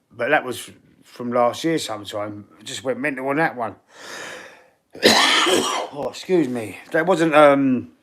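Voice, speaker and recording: A middle-aged man with a broad Cockney London accent talks loosely into his streaming mic. He sits at an ordinary middle pitch and wanders between topics. He answers chat messages out loud in a blunt, sweary way. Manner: chatty and rambling, reads viewer comments aloud and answers them. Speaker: football channel live-stream host. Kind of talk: casual live-stream chat.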